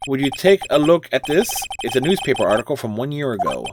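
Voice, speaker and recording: A man voicing a sharp, persistent young defense lawyer in a video game, questioning pointedly. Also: medium pitch, very animated, fast talker, heavy background noise, voice pushed down, natural voice. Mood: pressing. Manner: pointed, questioning, shouting objections. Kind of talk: reading a video game aloud on a live stream. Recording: game music playing behind.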